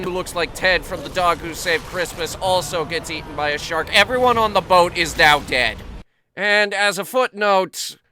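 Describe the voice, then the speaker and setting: High-voiced, ranting movie reviewer man. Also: sharp tone, a little hiss or hum. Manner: sarcastic, profane ranting. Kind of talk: comedic movie review narration.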